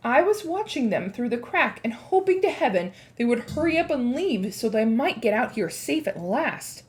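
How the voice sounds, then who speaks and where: A woman's voice: on the high side, very animated, moderate pace, few pauses. A woman reading a chapter book aloud to children with expression, then asking her listeners questions about it. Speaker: read-aloud presenter.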